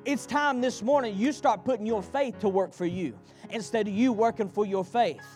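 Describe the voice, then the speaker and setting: Male pastor, very high voice, call-and-response sermon, faint music behind. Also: normal speed, darkish tone. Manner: repetitive, rhythmic delivery. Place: church.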